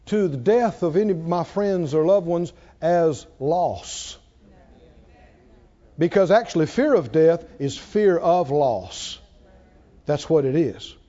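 A man preaching a sermon to a congregation, slow and measured, building up to shouted exclamations. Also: high-pitched. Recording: dull lo-fi recording.

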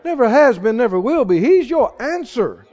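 A man preaching a sermon who swings between quiet asides and shouted exclamations, asking the congregation question after question. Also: extremely high pitch, very animated, normal speed. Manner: fires rhetorical questions at the congregation. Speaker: pastor. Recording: dull lo-fi recording.

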